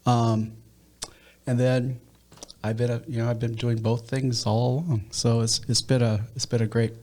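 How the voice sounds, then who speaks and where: A man's voice: medium pitch, flat delivery, normal speed, a little mellow. Midwestern American man telling stories. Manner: storytelling, with frequent restarts. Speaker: nonprofit leader and pastor. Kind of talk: interview conversation.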